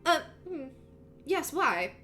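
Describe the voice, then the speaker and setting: Lady putting on a fussy british mum voice, high and fretful, rambling, music faint behind. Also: very animated, slow, sharp tone, full character voice. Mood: flustered. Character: fussy doting middle-aged mother, chattering.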